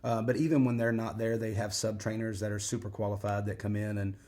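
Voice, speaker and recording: A man's voice: fairly low pitch, flat delivery, quick pace, a little mellow. A man, a guest chatting casually in an interview and rambling with lots of fillers. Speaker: former weight-loss show contestant, guest.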